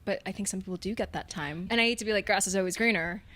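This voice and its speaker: A woman's voice: medium pitch, very fast, a bit bright. A young woman co-hosting a podcast, talking candidly and reflectively in casual chat, laughing easily. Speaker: podcast co-host.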